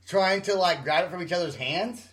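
A man's voice: sits high, normal speed, fairly bright tone. A man in casual podcast chat, reacting with short remarks, follow-up questions and laughter.

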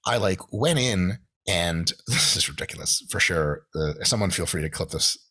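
Animated profane man, husky low voice. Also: moderate pace. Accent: American. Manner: animated, profane, acts out quotes in shifted voices. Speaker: podcast guest. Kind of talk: casual storytelling.

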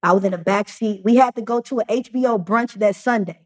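A young adult woman, a podcast guest, talking in a casual storytelling way, full of fillers and restarts. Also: mid-range voice. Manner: halting, many fillers and restarts.

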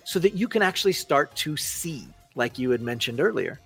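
A man talking casually as a podcast guest, animated and folksy in his storytelling. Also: fairly high pitch, normal speed, gravelly, husky, soft background music. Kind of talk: casual conversation.

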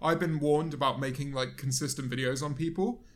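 A man's voice: a little high, fairly even intonation, a little fast. A young man co-hosting a podcast, chatty and teasing in casual banter. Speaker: podcast co-host.

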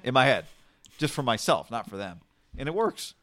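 A man's voice: medium pitch, lively intonation, fast, a bit bright. Podcast guy, regular middle voice, easygoing, does big voices for quotes. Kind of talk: casual podcast chat.

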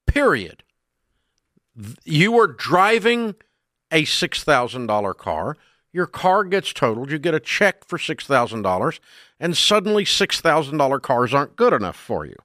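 A man's voice: a little high, big pitch swings, normal speed, bright, forceful tone, no echo. An older man with a Southern drawl hosts a radio talk show and delivers a blunt, scolding rant on a close studio mic. His voice is dry and close, with no room around it.

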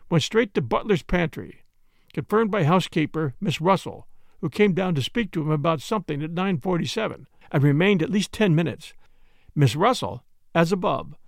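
A man giving a measured, expressive first-person narration of a story, recorded on a close mic. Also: a little high, vocal fry, no echo. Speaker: audiobook narrator.

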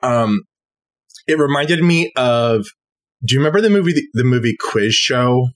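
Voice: medium pitch, lively intonation, normal speed. A podcast co-host talking casually and thoughtfully about a movie, laughing often.

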